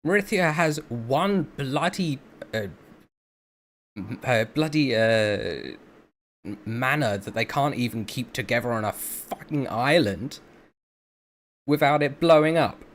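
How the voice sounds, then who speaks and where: A man voicing a fierce, foul-mouthed female inquisitor in a tabletop game, shouting her contempt. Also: mid-range voice, lively intonation, takes it slowly, pauses often, voice pushed up. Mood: furious.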